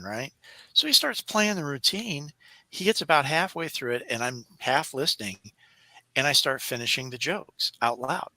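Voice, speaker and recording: Podcast guy telling stories, bright punchy voice, does voices, dry close sound. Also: medium pitch, moderate pace, dry recording. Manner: animated storyteller who acts out voices. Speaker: podcast host. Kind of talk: casual chat.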